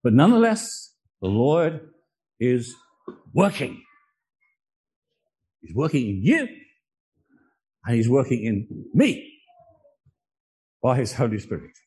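A man's voice: medium pitch, very animated, slow pace, long pauses, darkish tone, husky, low-quality recording. A man preaching a sermon, earnest and emotional, telling personal stories.

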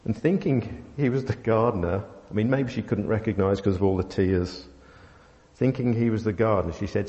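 A man preaching a sermon, telling a family story with many pauses and fillers. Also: fairly low pitch, mellow. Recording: dull sound in a long-reverb hall.

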